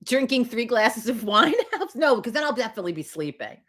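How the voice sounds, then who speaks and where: Her fairly high, sing-song voice is a bit bright and a little fast. The older woman hosts a casual morning livestream, rambling and cursing as she chats with viewers and laughs often.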